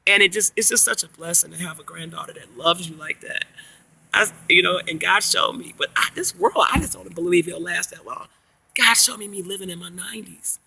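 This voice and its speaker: A woman's voice: fairly low pitch, fairly quick, creaky, breathy edge. A middle-aged woman, a grandmother, chatting casually in a vlog and telling long, rambling stories full of slang. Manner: rambling, animated storytelling with slang. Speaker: vlogger. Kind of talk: casual chat.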